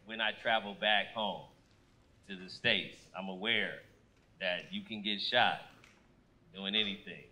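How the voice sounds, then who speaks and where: A man doing a stand-up comedy set on a club stage, loud and animated, shouting his punchlines into a handheld mic. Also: lowish voice, measured pace, long pauses, a little hiss or hum.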